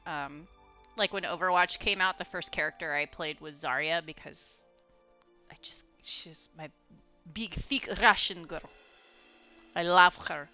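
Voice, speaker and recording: A young woman streaming from home, chatting casually and rambling while she plays a game, quick to laugh. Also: lowish voice, bright, forceful tone. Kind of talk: casual gaming stream chat. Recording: slightly muffled, faint music behind.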